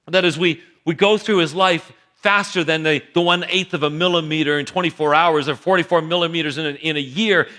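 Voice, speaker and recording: Animated male pastor with a high, bright voice, storytelling sermon in church. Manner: animated storytelling, acts out characters.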